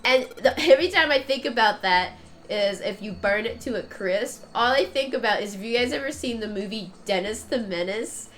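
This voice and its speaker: A woman's voice: a little high, expressive, normal speed, fairly bright tone, a little hiss or hum. A woman game streamer with a stuffed-up nose, chatting casually and rambling with frequent laughs while she plays. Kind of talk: casual gameplay commentary.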